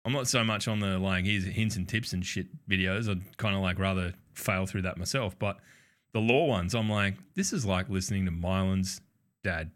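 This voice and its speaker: A man's voice: sits low, moderate pace, fairly bright tone. A man co-hosting a podcast in casual chat, laughing often and swearing freely. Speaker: podcast co-host.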